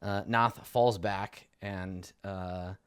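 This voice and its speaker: A man's voice: deep voice, fairly even intonation, extremely slow, clear, resonant tone, no room sound, clean studio sound. A man running a tabletop game as game master, narrating the action and rolling for monsters.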